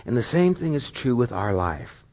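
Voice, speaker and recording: Middle-aged guy pastor preaching, earnest, keeps asking the crowd questions, mid-pitched voice. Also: big pitch swings, normal speed, darkish tone. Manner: earnest, questioning, with rising emphatic stretches. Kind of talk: sermon.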